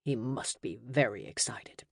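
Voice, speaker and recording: A woman's voice: extremely low pitch, animated, measured pace, vocal fry, dry recording, clean studio sound, pitched below the performer's own voice, full character voice. A woman voicing a courteous male gnome who keeps a magical subway station. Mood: polite.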